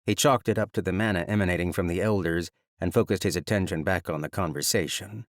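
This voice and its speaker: Low-voiced man narrating a fantasy audiobook. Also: no room sound, studio quality. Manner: measured, even storytelling.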